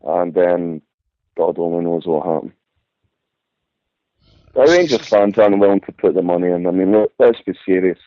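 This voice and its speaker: This radio caller has a low-pitched voice, talks at a normal speed, and leaves long pauses. He chats casually, opening his turns with fillers like "listen," and the phone line sounds tinny and dry.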